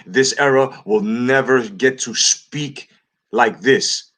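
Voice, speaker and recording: A man's voice: medium pitch, takes it slowly, fairly bright tone. A man hosting a boxing channel, giving earnest, hyped reaction commentary. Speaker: channel host.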